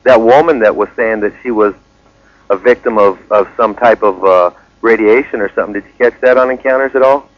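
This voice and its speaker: Rambling low-voiced male radio caller. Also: no room sound. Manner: rambling, halting, many fillers. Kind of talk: call-in radio chat. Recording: dry dull lo-fi radio call.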